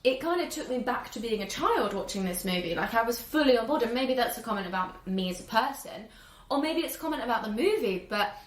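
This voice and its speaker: A woman in her twenties chatting casually about a film, telling it with lively acted-out reactions and bursts of laughter. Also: a little high, fast. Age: 20s. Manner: animated storytelling, laughing, acting out reactions. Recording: echoey room.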